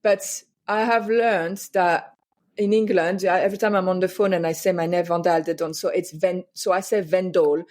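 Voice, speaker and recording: French-accented woman, low voice. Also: fairly even intonation, normal speed, darkish tone. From France. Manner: hesitant, many fillers and restarts. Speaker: guest artist. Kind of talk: casual interview chat.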